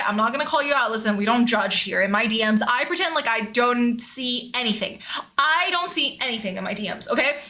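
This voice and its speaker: A young woman streamer in her twenties telling a story in casual chat. She swears freely, laughs often and acts out her own lines. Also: fairly high pitch. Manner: animated, swears freely, laughs often, voices herself in quotes.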